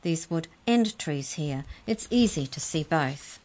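A woman's voice: deep voice, expressive, slow pace, darkish tone, heavily acted. A woman voicing a young boy who asks questions in a curious, anxious way.

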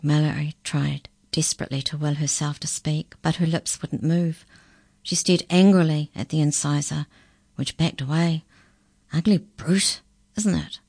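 A woman narrates a children's storybook in a calm, measured way. Her voice sits low, and the recording is close and dry with no room sound. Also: creaky, slightly rough, no echo.

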